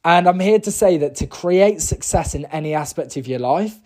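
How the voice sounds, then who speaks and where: A man's voice: on the high side, animated, normal speed, a little mellow. A man from the UK, talking casually and enthusiastically as he tells a personal story and turns it into a motivational message, with lots of fillers and restarts. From United Kingdom. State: briefly emotional. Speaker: motivational speaker.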